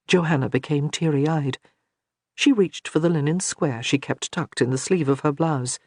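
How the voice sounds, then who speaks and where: A narrator reading a historical romance audiobook in a steady, measured way. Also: mid-range voice, no echo, clean studio sound. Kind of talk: scripted narration.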